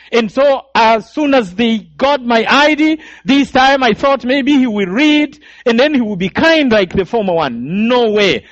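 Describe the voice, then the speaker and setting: A man preaching a sermon testimony, telling his story with emotion and repeated phrases. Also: sits high. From Rwanda. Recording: dull, dry sound.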